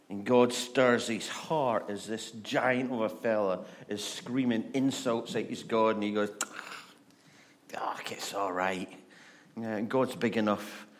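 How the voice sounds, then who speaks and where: A male pastor giving a conversational, humorous sermon, often stammering and restarting. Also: fairly low pitch.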